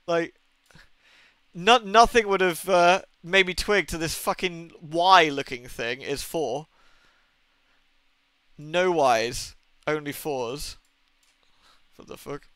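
Young guy live-streaming a game, bright clear voice, swears a lot and rambles at chat. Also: high voice, takes it slowly, pauses often, no echo. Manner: swears often, rambling and exasperated, talks to chat. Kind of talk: casual live-stream chat while gaming.

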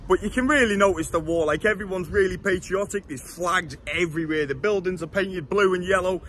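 A man's voice: high-pitched, a little fast, fairly bright tone, a little hiss or hum. A man, talking casually and bluntly while vlogging from city streets. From England. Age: 20s. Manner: chatty, blunt and jokey, swearing freely. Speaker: travel vlogger. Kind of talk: casual walking vlog.

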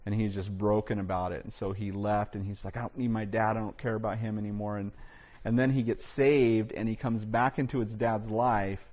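A man's voice: fairly low pitch, level tone, fairly quick, a little mellow. Man preaching a casual sermon. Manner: conversational storytelling with frequent "you know" and restarts. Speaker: pastor.

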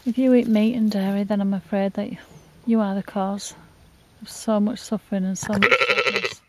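A woman's voice: mid-range voice, normal speed, darkish tone. A woman filming outdoors on a farm, speaking in an upset, apologetic way to a mother sheep, with sheep bleating behind her. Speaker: animal sanctuary owner. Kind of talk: emotional outdoor vlog.

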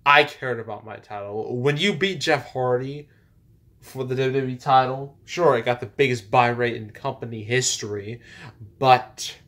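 A man's voice: medium pitch, normal speed, fairly bright tone, lightly acted. A man voicing an arrogant male pro wrestler in a fan parody skit, trading boastful, needling trash talk. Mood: smug taunting.

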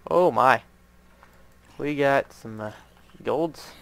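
Casual gamer guy talking through his playthrough, jokey, reads stuff out loud. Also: mid-range voice, very slow, creaky. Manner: chatty, joking, reads signs aloud. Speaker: gaming channel host. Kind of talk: casual game commentary.

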